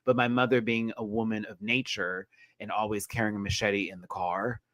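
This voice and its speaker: Animated, low-voiced man telling a story. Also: normal speed, no room sound. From Texas. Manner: animated storytelling, jumps high when excited. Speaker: show host. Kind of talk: casual recap chat.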